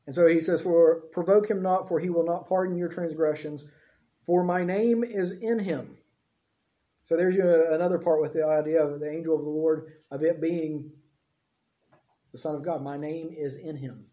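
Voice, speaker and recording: A man's voice: a little high, fairly even intonation, normal speed, dark tone. A man preaching through a Bible passage in a conversational teaching style, reading scripture aloud and checking in with his listeners. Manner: conversational, frequent tag questions. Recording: slightly dull lo-fi audio.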